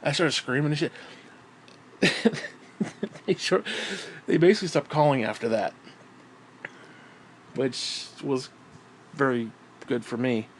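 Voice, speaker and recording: A man's voice: mid-range voice, takes it slowly, pauses often, a little hiss or hum. A man in a casual, meandering monologue about his writing, swearing freely and trailing off with fillers. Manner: profane, meandering, frequent fillers. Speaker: writer talking about his books.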